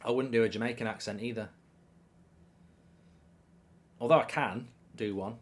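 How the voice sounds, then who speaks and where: A man with a mid-pitched voice hosts a live football watchalong stream. He sounds excitable and animated, bouncing between reactions to the match and comments from the chat, and often stammers and restarts mid-sentence. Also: fast talker.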